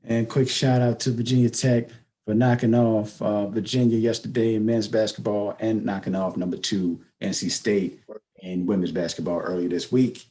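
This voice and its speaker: A man with a very low, dark and mellow voice co-hosts a casual podcast. He talks in a laid-back, measured way, leaning on drawn-out fillers. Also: little pitch movement. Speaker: podcast co-host. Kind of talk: casual chat.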